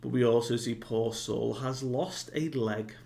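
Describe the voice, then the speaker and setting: A man's voice: mid-range voice, steady tone, unhurried, vocal fry, mellow. A man giving a casual recap of a comic chapter, retelling it loosely with many fillers and asides. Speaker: manga reviewer.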